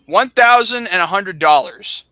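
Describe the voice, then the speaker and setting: A man's voice: sits high, expressive, unhurried, pushed and bright, dry recording. A young man co-hosting a podcast, telling a long story casually, full of fillers and restarts, on a laptop mic. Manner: rambling, filler-heavy, restarts often. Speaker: podcast co-host.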